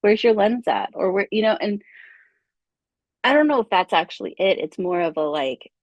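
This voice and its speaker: Animated woman guest telling a story. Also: medium pitch, normal speed, dry recording, dull audio. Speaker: podcast guest. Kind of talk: casual chat.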